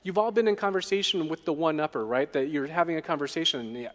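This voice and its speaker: A man's voice: a little high, quick pace, hardly any pauses, a bit bright. A man preaching a sermon as a pastor, often asking the congregation questions. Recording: long hall reverb.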